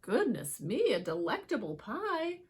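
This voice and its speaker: A woman's voice: a little high, huge pitch swings, measured pace, slightly rough, full character voice. A woman voicing a lonely, humble male bear in a picture book read aloud, sighing and sorrowful. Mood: humble, sad. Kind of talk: storybook reading.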